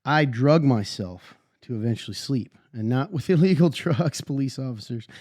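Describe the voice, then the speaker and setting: A man co-hosting a casual faith podcast chat, hoarse from a sinus illness and drowsy, clearing his throat often. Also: mid-range voice, normal speed, a little mellow, a little hiss or hum. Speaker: podcast co-host.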